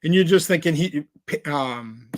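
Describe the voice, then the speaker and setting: A man's voice: on the high side, normal speed, dry recording. Rambling, filler-heavy podcast co-host man. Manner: rambling storyteller, many filler "like"s and restarts. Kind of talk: casual chat.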